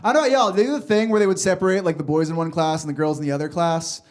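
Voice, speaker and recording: A man's voice: fairly high pitch, steady tone, very fast. A man performing a stand-up comedy set on a club stage, chatty and loose, often laughing and talking to the crowd. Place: comedy club stage before a live audience.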